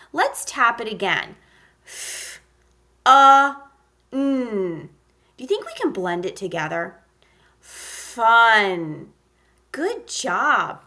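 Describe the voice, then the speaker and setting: Slow, bright-voiced woman teaching phonics. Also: on the high side. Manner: slow, encouraging, sounds out letters with exaggerated emphasis. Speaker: kindergarten teacher. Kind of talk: phonics lesson for young children.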